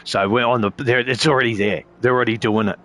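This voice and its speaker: A man's voice: medium pitch, fairly even intonation, fast talker, a bit bright. An Australian man streaming sim racing, chatting casually with viewers in a laid-back, rambling way and swearing constantly. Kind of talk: casual live-stream chat.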